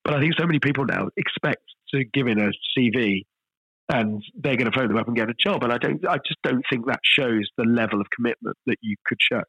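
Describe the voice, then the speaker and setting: A middle-aged man, a chef guest telling stories in a relaxed podcast interview, self-deprecating and full of restarts. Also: mid-range voice, fast talker, breathy edge, dry recording, dull audio. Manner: chatty, self-deprecating storyteller with frequent restarts.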